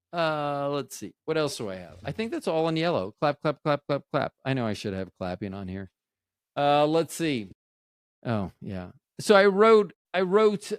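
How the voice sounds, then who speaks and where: A man's voice: on the high side, no room sound, clean studio sound. A man hosting a casual solo podcast, telling a rambling, jokey story and often cutting himself off to restart. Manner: rambling, jokey, self-interrupting with "anywho, anyhow, anyway". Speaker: podcast host.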